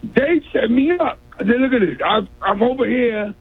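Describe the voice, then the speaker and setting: A man's voice: extremely high pitch, animated, normal speed, slightly rough. A man calling in to a radio show, rambling through a long story and stammering as he repeats himself. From New York City. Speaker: caller. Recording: tinny phone line.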